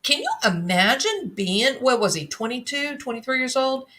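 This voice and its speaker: A woman's voice: sits high, sing-song, moderate pace, pushed and bright. A woman giving blunt, scornful solo commentary, reading viewer comments and mocking the person she discusses. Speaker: true crime commentator.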